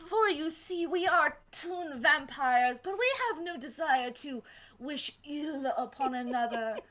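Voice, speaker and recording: A woman's voice: sits high, a little slow, a bit bright, voice pushed up. A woman voicing a dramatic, devoted male toon vampire who speaks breathily and melodramatically.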